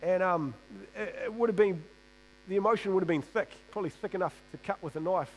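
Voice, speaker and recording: High-voiced man preaching casually. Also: a little fast, soft background music, rough recording. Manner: casual and joking, often restarts and repeats words. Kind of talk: sermon. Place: church.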